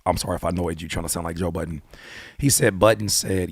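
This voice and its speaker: A man hosting his own channel, giving blunt, animated hip-hop commentary full of rhetorical questions and casual swearing. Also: low voice, fast, breathy edge, no echo, studio quality. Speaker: YouTube host and rapper. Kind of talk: opinionated music commentary.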